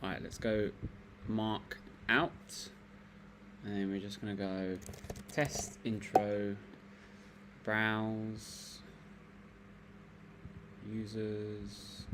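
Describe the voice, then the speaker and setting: A livestream host with a fairly low, flat voice talks extremely slowly, leaving long pauses, amid background noise. He chats casually with viewers over a laptop microphone while working at his computer in a laid-back stream.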